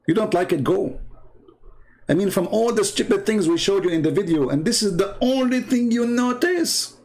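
A man's voice: sits high, lively intonation, normal speed, darkish tone. A man from the Middle East with an Arabic accent and broken English grammar, ranting in a sarcastic, mocking monologue. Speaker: religious debate commentator.

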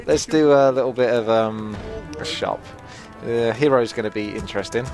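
A man with a mid-pitched, everyday voice talks through his strategy game in a loose, chatty way, cracking self-deprecating jokes as he goes. Soft music plays faintly underneath. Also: moderate pace. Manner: chatty, joking, self-deprecating, thinking aloud. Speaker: gaming channel host. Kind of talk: casual live game commentary.

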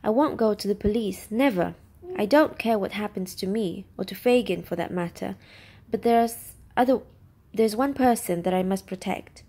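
In a storybook reading, a woman with a mid-range, dark-toned voice lightly acts the part of a nervous, tearful young woman thief. She speaks in quick, pleading bursts.

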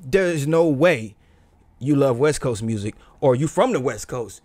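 A young adult man hosting a casual reaction video, slangy and animated, bursting into loud exclamations. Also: medium pitch, measured pace, no room sound.

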